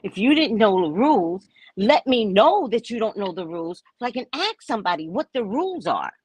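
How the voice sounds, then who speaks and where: Middle-aged female host, casual storyteller, pitch jumps high and low, slightly husky. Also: brisk, dry recording. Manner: animated, dramatic retelling with swings between loud and soft. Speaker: spiritual reader and show host.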